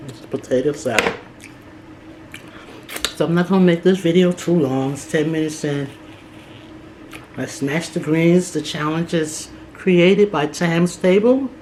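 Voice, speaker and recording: A woman's voice: low-pitched, unhurried, pauses often, a little mellow, slight background noise. A woman vlogger talking casually while she eats, often with food in her mouth and humming between bites. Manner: talks while eating, mouth full, hums between bites. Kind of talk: casual eating vlog.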